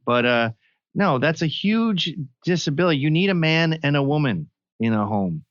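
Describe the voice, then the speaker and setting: A man's voice: on the high side, very animated, normal speed, clear, resonant tone, dry recording, highs cut off. A man talking casually as a podcast guest, telling crude, blunt stories. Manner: crude, blunt storytelling with acted quotes.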